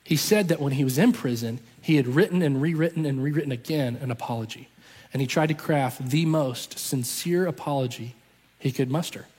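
Guy preaching, telling a story and doing everybody's voices, kinda husky, big reverby hall. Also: mid-range voice, a little fast. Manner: animated, acts out voices of people in the story. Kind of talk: storytelling sermon. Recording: long reverb from a large hall.

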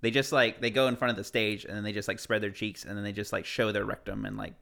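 A man's voice: lowish voice, little pitch movement, fast, gravelly, bright, forceful tone. A man co-hosting a podcast in casual banter, telling crude jokes and stammering. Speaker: podcast co-host.

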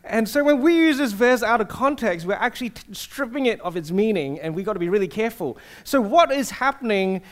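A man's voice: high voice, expressive, brisk, hardly any pauses. A man, preaching a casual sermon that tells stories and asks the audience questions. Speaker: pastor. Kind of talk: conversational sermon.

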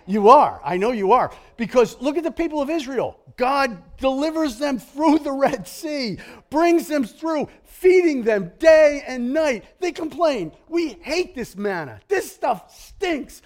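A middle-aged male pastor delivering a sermon with a high, lively voice that swings widely in pitch. He talks in an animated, joking way, acting out grumbling complaints. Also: measured pace, few pauses. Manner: animated, grumbling impressions, jokey asides.

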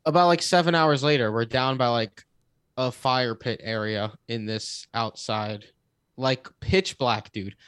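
A man's voice: medium pitch, unhurried, smooth, dry recording. Dry-voiced young man telling a story. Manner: animated, swears, laughs while telling. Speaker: podcast co-host. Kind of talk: casual storytelling.

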